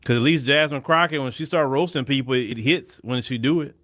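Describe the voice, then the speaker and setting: A man's voice: mid-range voice, brisk, a bit bright. A man hosting a show of casual political commentary, blunt and opinionated, often restarting his sentences. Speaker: host.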